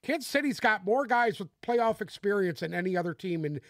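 A man's voice: sits high, lively intonation, brisk, no room sound. Fired-up, profane man ranting about football. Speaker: podcast co-host. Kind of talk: casual sports podcast chat.

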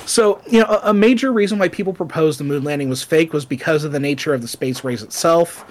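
Chatty man with a higher voice. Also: fast talker. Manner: chatty, lots of fillers and asides. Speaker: podcast co-host. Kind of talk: casual chat, reading notes.

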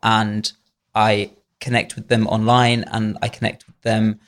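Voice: mid-range voice, level tone, unhurried. A guest on a podcast, speaking earnestly and emphatically in a conversational interview.

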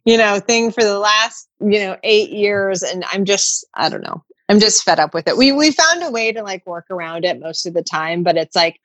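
A woman's voice: mid-range voice, normal speed, hardly any pauses, a bit bright, no echo. A middle-aged woman co-hosting a podcast, ranting in casual chat and swearing a lot. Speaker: podcast co-host.

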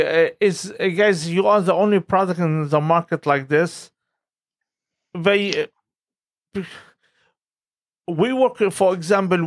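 Guy host asking founders stuff, lots of restarts, kinda high voice, dry sound. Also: dry recording. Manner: halting, restarts, non-native grammar. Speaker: interviewer host. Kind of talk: interview questions.

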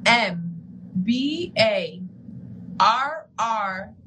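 A woman's voice: a little high, animated, extremely slow. A woman running a spelling game in casual chat, laid-back and often laughing. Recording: noticeable background noise.

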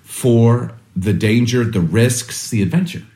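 A man in his thirties telling a family story in casual chat, animated and expressive, sometimes mimicking his young son. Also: medium pitch, measured pace. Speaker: podcast co-host.

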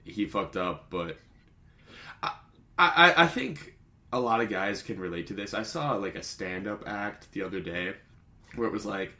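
A man's voice: fairly low pitch, expressive, normal speed, pauses often, sharp tone. A man co-hosting a podcast, chatting casually and animatedly, often laughing and breaking into impressions. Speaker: podcast co-host. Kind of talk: casual chat.

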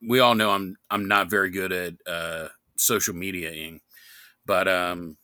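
A man's voice: sits low, steady tone, unhurried, bright, forceful tone, no room sound, clean studio sound. A man from New York, co-hosting a podcast in casual, joking, rambling chat with plenty of swearing. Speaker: podcast co-host.

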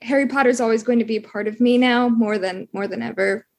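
A woman's voice: a little high, steady tone, quick pace, vocal fry, a little mellow. A young woman, an actress, answering interview questions casually over a video call, chatty with frequent "like"s.

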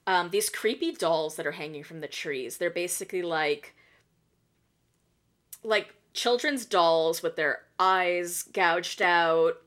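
A woman's voice: lowish voice, slow pace, a bit bright. A woman hosting a podcast and recapping reality TV in casual chat. She talks in a chatty way, laughs often and swears freely. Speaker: podcast host.

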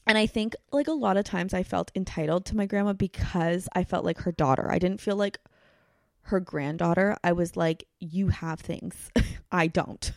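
A woman's voice: on the low side, moderate pace, vocal fry, no echo, studio quality. A woman in her thirties sharing a candid personal story in casual chat, saying 'like' often. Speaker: guest.

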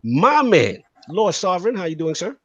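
A man's voice: high voice, big pitch swings, normal speed, lo-fi sound, very noisy. A man hosting a casual gaming podcast, introducing guests with playful hype-style nicknames. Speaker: podcast host.

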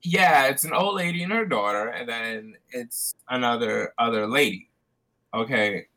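Podcast guy chatting, bright punchy voice, gets animated telling stories. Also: mid-range voice, unhurried, poor audio. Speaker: podcast co-host. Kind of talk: casual chat.

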